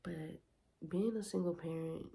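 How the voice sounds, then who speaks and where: A woman's voice: lowish voice, measured pace, vocal fry, dark tone. A young woman vlogging casually to camera, giving candid, heartfelt advice to other moms. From Las Vegas, Nevada.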